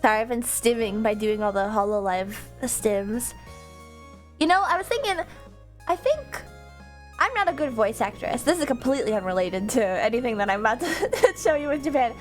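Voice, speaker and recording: A woman's voice: a little high, animated, moderate pace, faint music behind. A woman streamer chatting casually with her viewers, rambling into tangents and laughing often.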